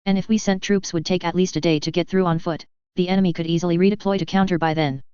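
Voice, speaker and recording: A reader doing a cold young woman officer in a storybook reading, clipped and controlled. The voice is very smooth, and the sound is dry and a little dull. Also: mid-range voice, fairly even intonation, quick pace, darkish tone, no room sound, natural voice.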